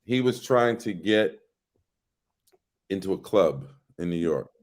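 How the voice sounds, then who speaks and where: A middle-aged man with a somewhat low voice talks casually as a guest. He tells animated stories and slips into the voices of the people he quotes. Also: takes it slowly. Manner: animated storyteller who acts out quoted voices. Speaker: actor guest. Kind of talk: casual interview chat.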